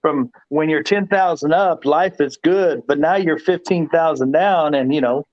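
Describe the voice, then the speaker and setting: A man's voice: a little high, normal speed, no room sound, muffled recording. A man, a guest pool player, telling a long story in casual chat, rambling and repeating himself with laughs.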